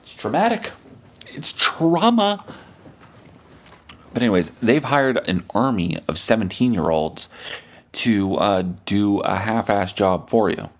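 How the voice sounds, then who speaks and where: A man's voice: lowish voice, unhurried. Rambling, profane guy. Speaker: podcast host. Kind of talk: comedic monologue and prank-style phone call.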